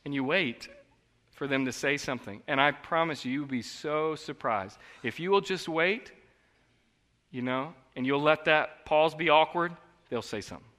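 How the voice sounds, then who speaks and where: A man preaches in a slightly high, bright and forceful voice, earnest and conversational, turning from quiet reflection to emphatic bursts. His sermon rings through a church hall with a long reverb tail. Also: moderate pace. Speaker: pastor. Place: church sanctuary.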